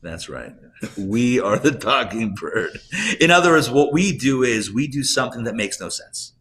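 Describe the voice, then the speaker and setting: A man, a rabbi, teaching a live class and telling jokes, talking in a conversational way, asking the audience questions and getting loud and animated when he makes a point. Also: mid-range voice, normal speed, slight background noise. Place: classroom or synagogue hall, recorded live.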